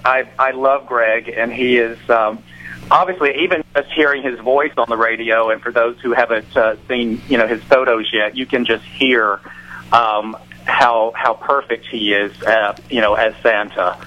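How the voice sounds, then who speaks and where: A man's voice: medium pitch, fairly even intonation, normal speed, lo-fi sound. A man with a Southern accent phones in to a radio show. He talks casually and hesitantly, full of restarts and fillers. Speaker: caller. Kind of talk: casual chat on a radio call-in.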